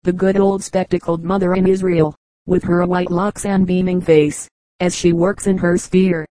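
A woman narrates an old book in a measured, orotund reading style. Her voice is low and quite flat, with a mellow, warm tone, and it sounds close and dry. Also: no room sound, low-quality recording. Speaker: audiobook reader. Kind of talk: audiobook narration.

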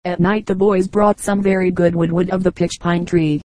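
A woman reading folk tales aloud as an audiobook narrator, in a calm, even storytelling delivery. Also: fairly low pitch, moderate pace, no echo, rough recording. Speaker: audiobook reader.

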